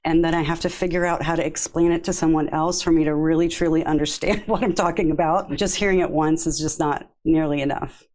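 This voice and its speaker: A woman guest on a podcast, a yoga therapist, telling her story in a warm, chatty way and laughing easily. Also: deep voice, fairly even intonation, brisk, few pauses, rough recording. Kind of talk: casual interview.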